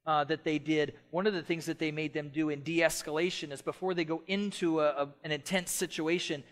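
Middle-aged guy preaching, passionate, goes loud then real soft, high bright voice. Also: steady tone, fairly quick. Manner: passionate, swings from loud emphatic to soft and quiet. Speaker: pastor. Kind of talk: sermon.

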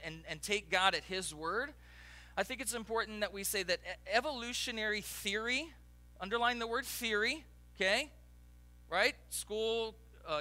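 A male pastor delivers a morning sermon in a loose, conversational way, stopping to restart phrases and talk straight to the congregation. His voice sits high for a man and sounds sharp and very bright. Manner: conversational, with many restarts and asides.

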